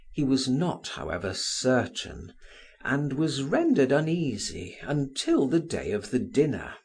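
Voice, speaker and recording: A man narrating a classic novel as an audiobook, reading in an expressive, measured way. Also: medium pitch, slightly rough. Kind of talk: scripted narration.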